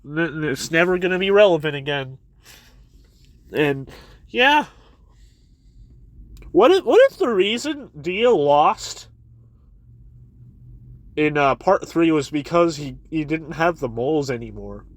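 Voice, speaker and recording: A man's voice: a little high, expressive, dry recording. A man casually recapping and reviewing a manga chapter, rambling a bit as he retells scenes. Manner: rambling, retells scenes with quick quoted voices.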